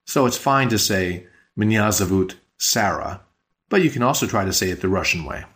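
A man teaching a podcast language lesson, patient and explanatory, slowing down on key words. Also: lowish voice, expressive, fairly bright tone.

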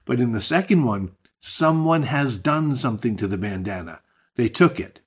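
Husky man teaching a language lesson. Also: mid-range voice, expressive. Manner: explains slowly with spoken examples. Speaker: language teacher and podcast host.

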